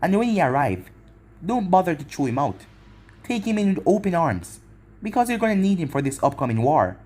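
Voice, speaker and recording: A man voicing a vengeful young ninja who taunts slowly and coldly, in a fan-made anime story reading. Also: on the high side, sing-song, a little mellow. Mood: menacing. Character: vengeful young man Naruto, cold and mocking.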